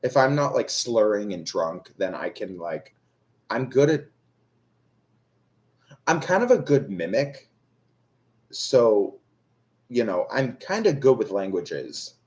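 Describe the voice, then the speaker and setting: Here a young tarot reader chats with his live stream viewers in a lowish, slightly mellow, sing-song voice. He takes it slowly and pauses often, rambling casually and self-deprecatingly with many fillers and restarts.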